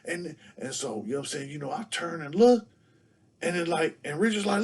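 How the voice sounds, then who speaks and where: A man's voice: on the high side, animated, brisk, a little mellow, husky. A man telling a casual story as a show guest, packing nearly every phrase with "you know what I'm saying.".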